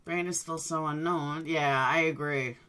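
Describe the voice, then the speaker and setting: A woman's voice: low voice, fairly even intonation, measured pace, pushed and bright, clean tone. A woman hosting a livestream, chatting casually with her viewers and telling rambling personal stories. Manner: rambling storyteller, addresses viewers by name. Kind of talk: casual chat.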